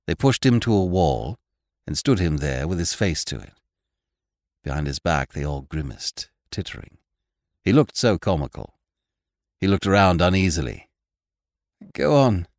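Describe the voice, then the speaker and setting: Slow, expressive male storyteller. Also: fairly low pitch, dry recording, studio quality. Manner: expressive, theatrical reading. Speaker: narrator. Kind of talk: scripted story narration.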